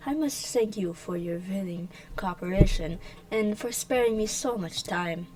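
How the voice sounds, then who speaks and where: Woman doing a smooth, menacing male official, formal and drawn-out, middle-pitched, fan dub. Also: a little mellow, natural voice, rough recording.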